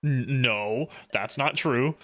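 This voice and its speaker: A man's voice: mid-range voice, takes it slowly, bright, forceful tone. A man voicing a boastful young male explorer in a game, stammering as he denies being scared. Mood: flustered denial. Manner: stammering bravado.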